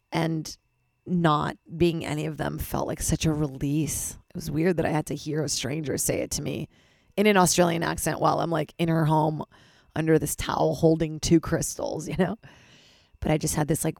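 A woman hosting her own podcast, talking frankly and rambling, swearing and poking fun at herself, with a hoarse voice from losing it. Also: low voice, a little mellow, dry recording, studio quality. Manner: frank, rambling, swears freely, self-deprecating. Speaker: podcast host. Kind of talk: candid solo podcast monologue.

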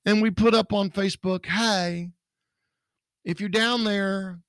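A man's voice: sits high, a little slow, vocal fry, fairly bright tone, no room sound. A man from Texas co-hosting a podcast, talking bluntly and indignantly in casual chat. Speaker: podcast co-host, security business owner.

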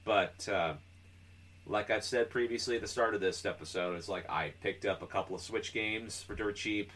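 A man's voice: lowish voice, normal speed, a bit bright. A man co-hosting a casual gaming podcast. He explains things loosely, with plenty of filler words. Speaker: podcast co-host. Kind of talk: casual chat.

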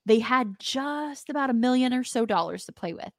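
A woman's voice: high-pitched, lively intonation, normal speed, no room sound, clean studio sound. Chatty woman podcast co-host. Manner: conversational, searching for words, some restarts. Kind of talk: casual sports talk.

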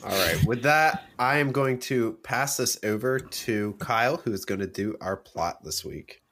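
A man hosting a casual podcast, jokey and quick to interrupt. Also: medium pitch, fairly bright tone. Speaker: podcast host. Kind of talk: casual chat.

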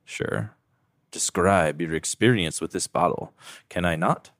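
A deep-voiced man co-hosts a laid-back podcast, joking while he sips and rates whiskey. His voice sits low, and the sound is dry and close to the mic. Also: a little slow, no echo. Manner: relaxed, joking, rating whiskey aloud. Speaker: podcast co-host. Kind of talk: casual chat.

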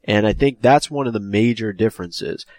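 Low-voiced male podcast co-host. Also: moderate pace, darkish tone, no echo. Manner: earnest, explaining at length with restarts. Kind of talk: casual podcast chat.

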